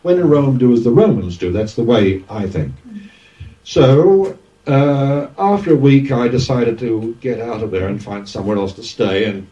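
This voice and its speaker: A man in his sixties with an Australian accent, a former radio DJ telling lively anecdotes in an interview, often acting out what others said. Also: lowish voice. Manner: lively raconteur, acts out quoted speech. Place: event venue. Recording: dull, distant lo-fi recording.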